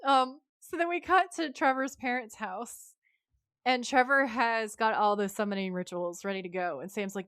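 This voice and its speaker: A woman's voice: on the high side, normal speed, no echo, clean studio sound. A woman co-hosting a podcast, recapping a TV episode in casual chat, telling the story with energy and swearing freely. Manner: animated storytelling, voices the characters' lines. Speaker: podcast co-host.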